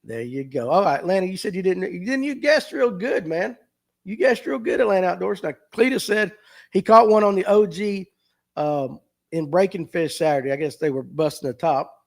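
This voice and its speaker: A man's voice: high voice, animated, moderate pace. A middle-aged man, hosting a live fishing talk show and chatting casually as he reads out viewer comments and jokes about them. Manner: folksy, joking, reads comments aloud and riffs on them. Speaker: host of a fishing talk stream.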